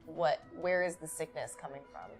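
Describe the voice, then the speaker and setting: A woman's voice: low voice, expressive, moderate pace, creaky, soft background music. A woman playing in a tabletop game, asking curious questions for her character. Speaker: player. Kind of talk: casual tabletop game chat.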